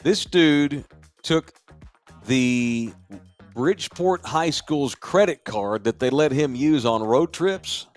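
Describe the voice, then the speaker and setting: Man hosting a podcast, mid-pitch, crude and joking, faint music behind. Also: expressive, slow pace. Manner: profane, joking, wisecracking. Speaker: podcast host. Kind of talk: casual podcast chat.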